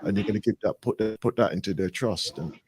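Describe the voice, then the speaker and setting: A man's voice: lowish voice, quick pace, a little mellow, slightly rough. A man casually telling a story, acting out both sides of a talk and often asking "right?". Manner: repetitive, frequent "right?" and "I goes". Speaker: radio show guest.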